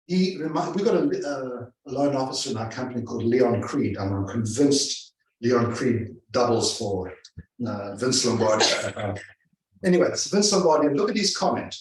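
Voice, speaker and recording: A man's voice: mid-range voice, expressive, normal speed, slight background noise. A man giving a live seminar to a room of real estate agents as a sales trainer, emphatic and fond of repeating phrases for effect. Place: large room with a live audience. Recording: echoey room from a distance.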